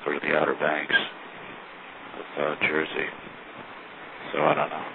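A man's voice: extremely low pitch, monotone, slow pace, vocal fry. A man calling from a street payphone, rambling wryly with profane asides about the city around him. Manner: wry, profane, meandering asides. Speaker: caller leaving phone messages. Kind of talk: rambling spoken diary from payphones. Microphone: payphone handset. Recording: tinny phone line with street noise.

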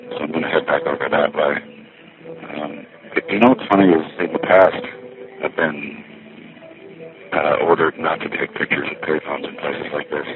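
A man's voice: a bass voice, fairly even intonation, normal speed, long pauses. A man, a little winded, rambling wryly as he walks through a busy ferry terminal. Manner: wry, chatty, thinking aloud. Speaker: payphone vlogger. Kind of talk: rambling first-person walkthrough. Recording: tinny lo-fi with faint background noise.

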